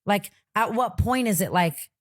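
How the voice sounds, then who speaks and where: A woman's voice: medium pitch, expressive, unhurried, no room sound. A young woman in her twenties hosting a podcast, telling a painful family story in casual chat, close to tears and heavy on fillers. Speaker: podcast host.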